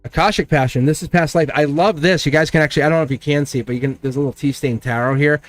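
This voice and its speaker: A man hosting a members-only tarot livestream in casual chat, animated and laughing often as he talks to his viewers. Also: on the high side, racing, no room sound, soft background music. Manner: chatty and animated, laughs often, acts out quoted exchanges. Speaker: tarot reader and channel host.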